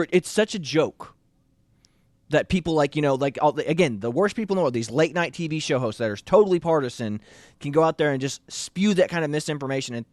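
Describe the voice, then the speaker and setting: A man's voice: fairly high pitch, dry recording, studio quality. A man co-hosting a casual political talk show, rambling and opinionated with frequent restarts. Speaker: co-host.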